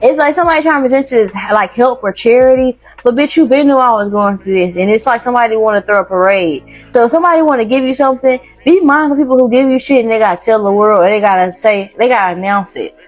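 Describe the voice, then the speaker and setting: A woman's voice: on the high side, fast talker, hardly any pauses, soft background music. Blunt, slangy woman reading tarot. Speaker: tarot reader.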